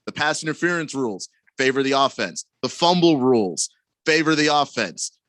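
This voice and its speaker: A man's voice: mid-range voice, animated, normal speed, a bit bright, dry recording. A man co-hosting sports radio, arguing his point with wry humor. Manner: wry, argumentative. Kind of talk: casual sports talk.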